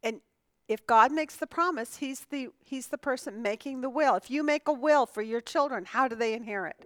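A woman's voice: high voice, normal speed, no room sound. A woman teaching a conversational Bible lesson. She asks the class questions, answers them herself and often restarts her sentences.

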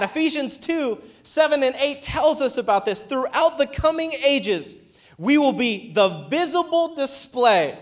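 A man preaching a sermon in a casual, conversational way, with playful asides, acted-out quotes and rises to a shout at high points. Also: very animated, unhurried. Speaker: pastor.

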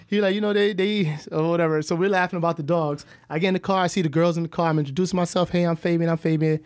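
Male co-host, animated laughing storyteller, high voice, dry close mic. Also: rapid-fire, no echo. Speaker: podcast co-host. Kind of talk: casual storytelling chat.

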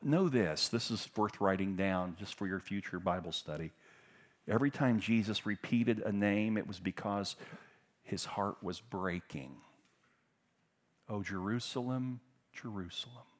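A middle-aged pastor with a low voice preaches a passionate sermon. He swings between loud, emphatic bursts and hushed, tender passages.

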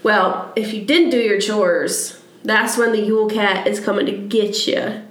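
A woman's voice: mid-range voice, fairly even intonation, unhurried. A young woman co-hosting a podcast, telling folklore in a chatty, giggly way. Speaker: podcast co-host. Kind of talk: casual chat. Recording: roomy echo.

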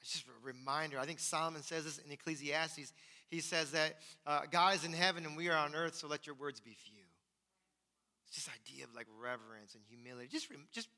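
A man's voice: a little high, brisk, sharp tone. A man preaching a sermon as pastor, emphatic and repeating his key phrases. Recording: long hall reverb.

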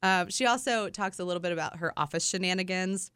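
A woman's voice: on the low side, fast, fairly bright tone, clean tone, no echo. A woman hosting a radio show in a studio, chatting casually about books and laughing often. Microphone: studio microphone.

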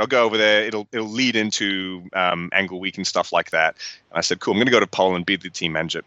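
A man's voice: sits low, quick pace, no room sound, muffled recording. A young Australian man telling rambling, sweary stories in a casual podcast interview. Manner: rambling, sweary, animated storytelling. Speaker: guest.

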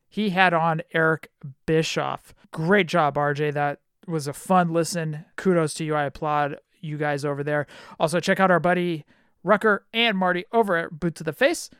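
Smooth-voiced male podcast host. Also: on the high side, fairly even intonation, normal speed, a bit bright, no room sound, clean studio sound. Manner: friendly, laughs often. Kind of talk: casual podcast chat.

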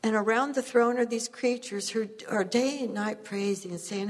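A woman's voice: a little high, normal speed, hardly any pauses, big-room sound. A woman preaching a sermon, telling stories earnestly and laughing at herself now and then.

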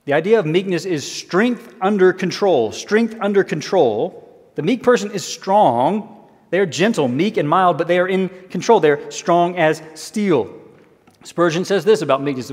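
A male pastor delivers a sermon in a fairly high voice, earnest and deliberate, slowing down to repeat his key phrases. His voice carries a long reverb, as if from a large church sanctuary. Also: husky.

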